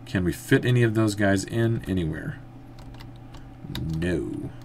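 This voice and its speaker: A man giving casual let's-play commentary, thinking aloud as he plays and breaking into excited outbursts. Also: fairly low pitch, a little slow, background noise. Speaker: gameplay commentator.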